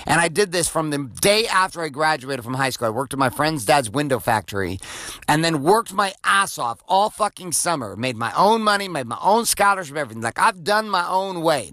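A man in his forties hosts a podcast, talking off the cuff in an intense, profane, filler-heavy way. His voice is forceful and tense. The sound is dry and close. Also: a little high, no echo. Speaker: podcast host. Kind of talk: off-the-cuff motivational monologue.

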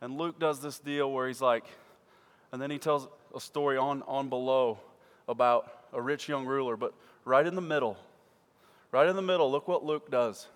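A man preaching a sermon to his church, swinging from loud emphatic peaks to quiet low asides. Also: moderate pace. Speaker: pastor. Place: church sanctuary. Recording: church hall with long reverb.

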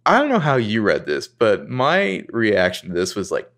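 A man's voice: on the low side, huge pitch swings, moderate pace, a bit bright. A man co-hosting a casual podcast, recapping a TV episode and acting out the characters' lines in jokey voices. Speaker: podcast co-host.

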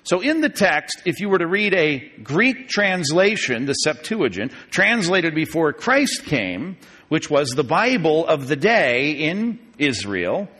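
A man's voice: on the high side, sing-song, fairly bright tone, husky. Man lecturing in a reverberant hall. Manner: emphatic, stretching key words slowly; digressive, with fillers and chuckles. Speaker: Bible teacher. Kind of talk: classroom lecture on scripture.

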